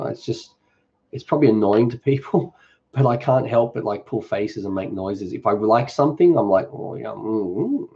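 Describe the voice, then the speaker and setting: A man with a low, slightly mellow voice hosts a cooking channel's live Q&A, recorded with lo-fi sound. He reads viewer comments aloud and answers them in an easygoing, off-the-cuff manner during this casual live stream.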